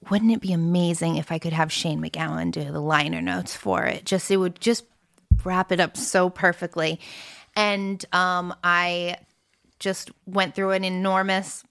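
Chatty American woman with a lowish voice. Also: little pitch movement, unhurried, creaky, a bit bright, smooth. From United States. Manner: chatty, filler-heavy, laughs often. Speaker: musician guest. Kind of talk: casual interview chat.

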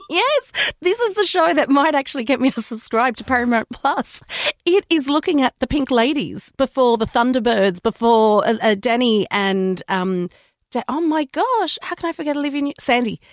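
A woman's voice: sits high, expressive, normal speed, no echo, clean studio sound. A woman guest on a radio show, chatting enthusiastically about upcoming films and TV, laughing often. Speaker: film and TV podcast host, guest. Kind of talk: casual radio chat.

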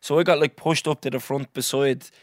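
A young Irish man hosting a podcast, telling a story in a lively, swearing, casual way and acting out what others said. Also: medium pitch, brisk, dry recording, clean studio sound. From Ireland. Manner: animated, swears freely, acts out others' lines. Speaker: podcast host.

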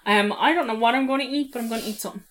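A woman's voice: on the high side, rapid-fire, a little hiss or hum. A woman co-hosting a podcast, chatting casually with laughter and swearing. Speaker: podcast co-host. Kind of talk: casual chat.

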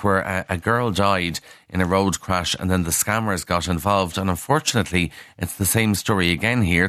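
A man's voice: low voice, fairly bright tone, no echo, studio quality. A man presenting a casual radio newspaper review, talking frankly with fillers and personal asides. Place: radio studio.

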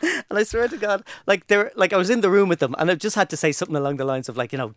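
A man's voice: high voice, rapid-fire, fairly bright tone, no room sound, clean studio sound. An older man co-hosting a podcast, joking and self-mocking in casual chat. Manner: jokey, self-mocking, rambling asides. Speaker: podcast co-host.

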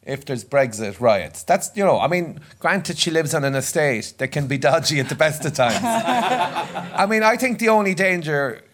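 A man's voice: a little high, lively intonation, moderate pace, a bit bright. A man from Ireland bantering casually as a panelist, with wry asides. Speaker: podcast panelist. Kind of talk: casual chat.

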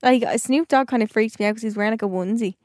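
A woman's voice: fairly high pitch, rapid-fire, darkish tone, no room sound, clean studio sound. Chatty young Irish woman telling stories. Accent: Irish (Dublin). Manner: chatty storytelling, swears casually. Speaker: podcast co-host. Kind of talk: casual chat.

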